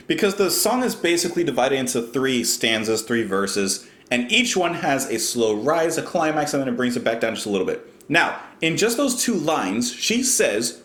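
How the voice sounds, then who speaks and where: A man's voice: mid-range voice, sing-song, fairly bright tone, reverberant. A man giving casual, thoughtful commentary while reacting to music, explaining what he hears. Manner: thoughtful, explanatory, pauses to restart.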